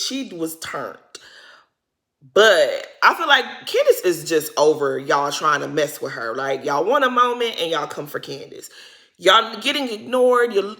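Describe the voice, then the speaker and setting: A woman's voice: mid-range voice, vocal fry, pushed and bright. A woman recapping a reality show in casual, gossipy talk, acting out the cast's lines with slang and blunt opinions.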